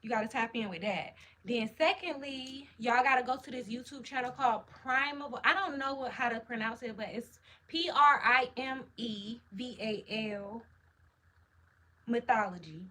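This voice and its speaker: A woman's voice: a little high, normal speed, pushed and bright. A woman hosting a livestream, chatting in a hyped, slangy, casual way while answering comments. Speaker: livestream host.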